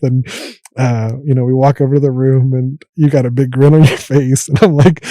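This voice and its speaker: A man's voice: medium pitch, little pitch movement, moderate pace, mellow, no echo. A man in his thirties, a medical fellow and podcast guest, telling his story in a casual interview and acting out his own past thoughts.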